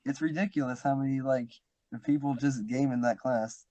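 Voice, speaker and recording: A man's voice: medium pitch, fairly even intonation, normal speed, warm tone. A teenage boy hosting a casual podcast chat with friends, talking easily and laughing often. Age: teens. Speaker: podcast host.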